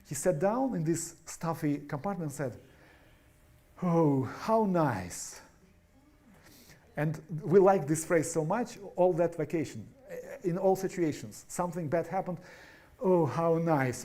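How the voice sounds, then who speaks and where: Brief: male pastor, somewhat high and mellow, halting sermon delivery full of restarts. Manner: halting, restarts words, many fillers. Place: church.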